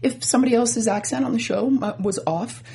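A woman's voice: a little high, a little fast, creaky, mellow. An American woman co-hosting a casual chat about a TV show, playful and laughing often. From United States. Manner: playful, lots of laughter and mm-hmms.

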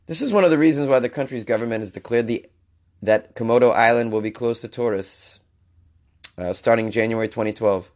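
A male comedian hosts a news podcast and is feeling under the weather. He reads each story and then breaks into exasperated rants. His voice is of middle pitch. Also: a little fast, darkish tone. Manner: exasperated, ranting. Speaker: podcast host.

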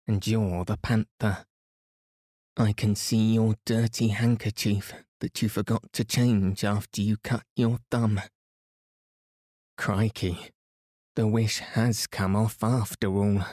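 A man doing an excited young boy. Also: lowish voice, slow, pauses often, no echo, studio quality. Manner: exclaiming, eager.

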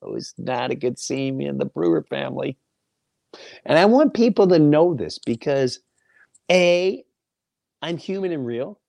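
A gravelly middle-aged man hosts a podcast and tells a personal story straight into a close mic. His pitch swings widely as he acts out the people he quotes, and his talk is blunt and profane. The sound is dry and close. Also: expressive, a little slow, long pauses, darkish tone, dry recording. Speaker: podcast host. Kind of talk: casual storytelling monologue.

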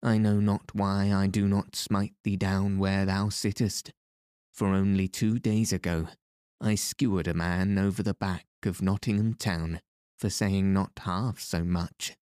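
A man's voice: low voice, level tone, unhurried, smooth, dry recording, clean studio sound. A man voicing a grim, fierce male outlaw with a harsh, threatening way of speaking in a storybook reading. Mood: scornful. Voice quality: harsh, loud. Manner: threatening, sour.

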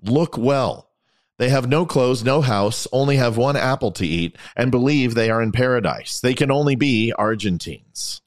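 A man's voice: medium pitch, expressive, normal speed, natural voice. A man voicing a Brazilian man in a joke, declaring in a raised voice. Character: Brazilian man telling a punchline.

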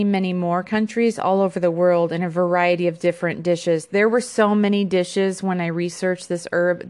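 A woman's voice: lowish voice, darkish tone, clear, resonant tone. A woman hosting a podcast about an herb, reading an informational segment with small fillers and restarts. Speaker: podcast host.

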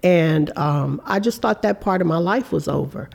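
Earnest woman in her fifties, gravelly edge. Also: on the low side, normal speed. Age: 50s. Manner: warm, earnest storytelling with reported speech. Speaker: interview guest. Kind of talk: candid conversational interview.

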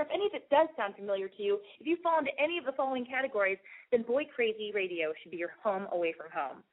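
A woman's voice: on the high side, lively intonation, racing. A woman podcast host with a lisp, giving a brash, profane, rambling and self-deprecating advice monologue. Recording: phone-like narrow band.

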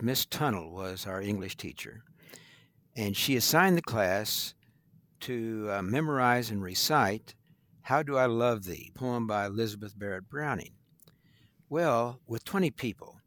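An older man from Missouri, a guest attorney, telling stories in a folksy, unhurried way in an interview. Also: lowish voice, a bit bright, no echo. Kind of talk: storytelling in an interview.

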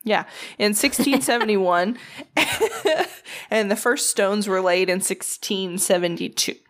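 A woman's voice: mid-range voice, slow. Southern lady on a podcast, tired, swears a lot, trips over names. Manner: profane, joking, stumbles over names. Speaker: podcast co-host. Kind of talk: casual podcast chat, reading facts.

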